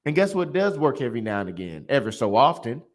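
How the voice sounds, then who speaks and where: A man's voice: mid-range voice, sing-song, quick pace. A man teaching a religious class in a blunt, emphatic, preachy way, repeating lines for effect.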